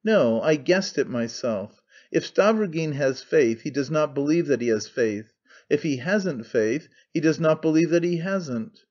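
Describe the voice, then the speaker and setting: A man reading an audiobook, voicing a gloomy, intense male idealist who speaks gravely and curtly. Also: on the high side, expressive, a little slow, darkish tone, highs cut off. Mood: brooding. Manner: muttering, grave, curt.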